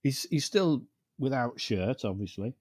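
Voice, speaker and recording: A man's voice: medium pitch, expressive, measured pace, darkish tone, husky, dry recording, studio quality. A man co-hosting a podcast, riffing sarcastically with lots of swearing and laughs. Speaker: podcast co-host. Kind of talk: casual chat.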